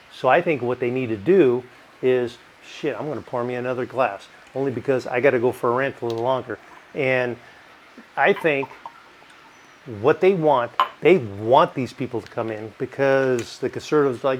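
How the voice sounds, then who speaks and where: A man's voice: mid-range voice, moderate pace, rough recording. A middle-aged man reviewing bourbon in a casual, rambling way, swearing often and drifting into rants. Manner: profane, rambling, ranting. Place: home in California.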